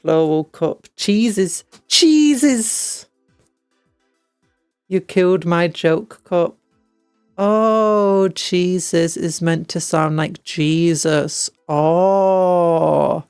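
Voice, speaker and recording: A British woman streamer chats casually through a game at an unhurried pace, reading the upgrades aloud and tossing in jokey asides. Her lowish, steady, slightly mellow voice has a gravelly fry and sounds dry and close on the mic, with faint music underneath.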